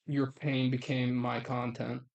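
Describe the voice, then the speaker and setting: A man's voice: mid-range voice, flat delivery, measured pace, creaky, muffled recording. A man hosting a live stream, chatting casually in a profane, blunt way and laughing often.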